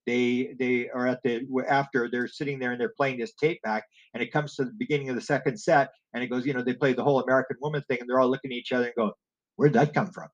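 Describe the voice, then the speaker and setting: Male interview guest, digressive storyteller who acts out his quotes, mid pitch, dull recording. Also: flat delivery, quick pace, hardly any pauses. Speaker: guest telling stories about music and alien experiencers. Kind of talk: rambling anecdotal interview talk.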